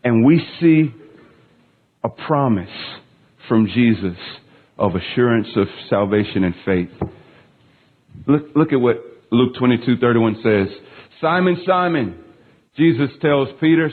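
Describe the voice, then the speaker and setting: A man's voice: mid-range voice, lively intonation, measured pace, long pauses, breathy edge. A man in his thirties preaching a sermon, telling a story about his young daughter and then building to emphatic, impassioned peaks. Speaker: pastor. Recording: tinny phone-like sound.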